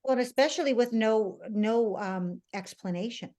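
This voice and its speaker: A woman's voice: fairly high pitch, normal speed, darkish tone. A woman podcast host adding short, sympathetic interjections while her guest talks. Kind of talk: interview listening responses.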